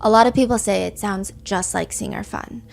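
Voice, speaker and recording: A woman hosting a podcast, telling a true-crime story in animated casual chat and asking rhetorical questions. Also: medium pitch, a little fast, creaky, faint music behind. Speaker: podcast host.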